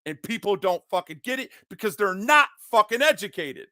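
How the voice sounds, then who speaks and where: High bright man's voice, agitated profane rant, dry close sound. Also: very animated, normal speed, no echo. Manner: agitated, profane, repetitive ranting. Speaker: online commentator. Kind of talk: unscripted ranting monologue.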